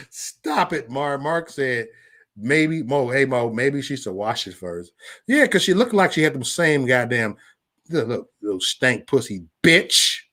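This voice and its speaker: A man ranting on a casual livestream, loud and profane, stammering and restarting, talking straight to viewers by name. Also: mid-range voice, sing-song, slow pace. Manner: chats directly with viewers by name. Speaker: livestream vlogger.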